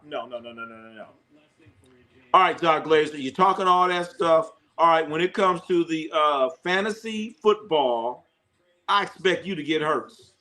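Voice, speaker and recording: A man hosting a live sports talk stream, excitable and chatty, riffing on viewer comments and repeating himself for emphasis. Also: a little high. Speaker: sports show host.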